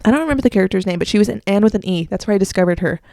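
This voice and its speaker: A woman's voice: medium pitch, animated, racing, gravelly, darkish tone, no echo. A young woman hosting her own podcast, chatting casually and with strong opinions, full of "like" fillers, into a microphone. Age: young adult. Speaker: podcast host. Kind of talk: casual solo podcast chat.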